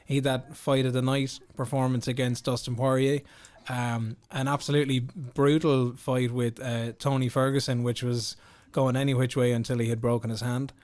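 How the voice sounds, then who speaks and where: A man hosts a sports podcast in a relaxed, talkative way. His voice sits at an everyday middle pitch, and his long questions are filled with ums and uhs. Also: normal speed. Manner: chatty, rambling, many fillers. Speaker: podcast host. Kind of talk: casual interview chat.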